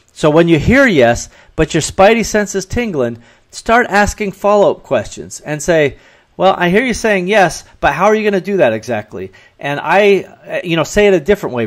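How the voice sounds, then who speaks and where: A man with a somewhat high-pitched voice delivers a solo podcast talk on business mistakes. He speaks earnestly and advisingly, often slipping into quick quoted exchanges to illustrate his points. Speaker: podcast host.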